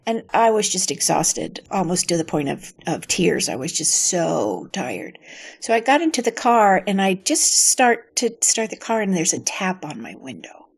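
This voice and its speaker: An older actress in an interview, telling anecdotes in a reflective, storytelling way with a gravelly voice. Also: female voice, fairly low pitch, sing-song, moderate pace.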